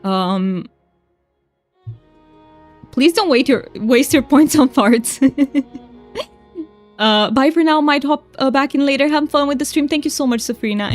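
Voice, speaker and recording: A woman's voice: high voice, normal speed, faint music behind. A woman streaming a game, chatting casually with viewers, giggling often and thanking them. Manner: giggly, laughs often between lines. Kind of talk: casual livestream chat.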